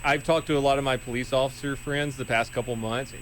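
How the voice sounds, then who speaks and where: A man's voice: medium pitch, fairly even intonation, fast talker, heavy background noise. A man giving blunt, sarcastic casual commentary on police footage, with some swearing. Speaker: co-host reacting to police footage.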